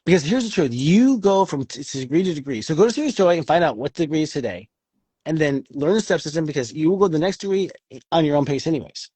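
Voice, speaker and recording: Male astrology co-host, casual and profane, lively swooping delivery, slightly husky. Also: fairly high pitch, quick pace, dry recording. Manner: animated, swears freely, acts out quoted voices. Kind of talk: casual chat.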